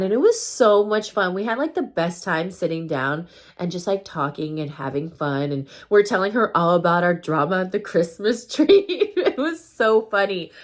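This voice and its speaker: A woman vlogger telling a story time in casual chat, full of fillers and loose swearing. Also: lowish voice.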